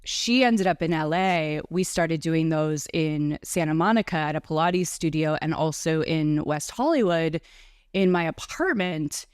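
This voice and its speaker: A woman's voice: deep voice, a little slow, smooth, no echo, clean studio sound. A woman from the New York area, a breathwork and Reiki facilitator, chatting enthusiastically as a guest in a casual interview.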